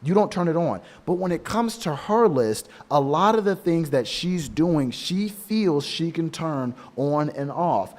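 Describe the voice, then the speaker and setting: Man, fairly high voice, preachy casual advice monologue, emphatic repetition. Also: expressive, unhurried, few pauses. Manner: emphatic, preachy, repeats for stress; casual slang, addresses listener as bro. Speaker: men's dating coach.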